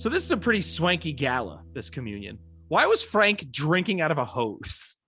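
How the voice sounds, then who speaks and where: A man's voice: a little high, very animated, moderate pace, bright, forceful tone, faint music behind. A man co-hosting a podcast, chatting casually about a film and cracking dry jokes. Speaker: podcast co-host.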